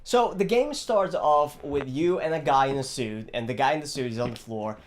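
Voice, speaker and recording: A young man from Brazil, chatting casually about a video game in an animated, rambling, jokey way. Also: medium pitch, normal speed, slight background noise. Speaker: gaming vlogger.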